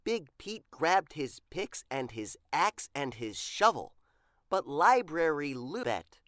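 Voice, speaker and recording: A woman reads a children's picture book aloud, slow and deliberate. Her voice is low-set but moves through a lively range, animated and expressive. The recording is dry and close. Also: no echo. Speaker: storyteller.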